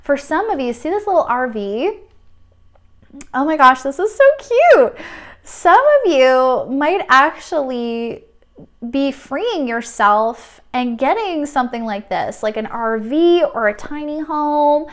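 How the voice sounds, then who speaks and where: A woman giving a pick-a-card oracle reading who gushes with excitement and then turns soothing and reassuring toward the listener. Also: high-pitched, measured pace. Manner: gushing, excitable, exclaims often. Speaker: tarot card reader.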